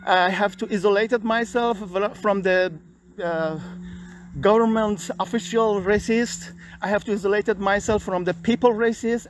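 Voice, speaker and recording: Weary, agitated man with a high voice. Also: fairly even intonation, a little hiss or hum. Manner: agitated, weary, halting non-native English. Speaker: vlogger. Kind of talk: personal video complaint. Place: outdoors in a park.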